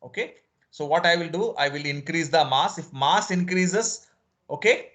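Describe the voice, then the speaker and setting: A man's voice: a little high, moderate pace, a bit bright. A male physics lecturer, teaching an online class and explaining each step over again with frequent "okay"s.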